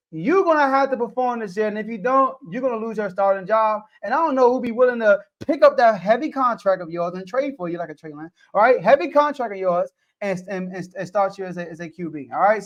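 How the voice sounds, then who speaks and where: A man's voice: high-pitched, fairly quick, few pauses, fairly bright tone, highs cut off. A man from the United States hosting a sports podcast, debating casually and animatedly and talking straight to the players.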